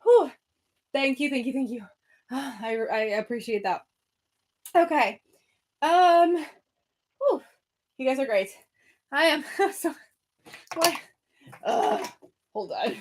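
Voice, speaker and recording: Young woman, high voice, breathless, chatty book livestreamer at home. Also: animated, slow, long pauses, noisy background. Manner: breathless, chatty, many fillers and restarts. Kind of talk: casual livestream chat. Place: home room by her bookshelves.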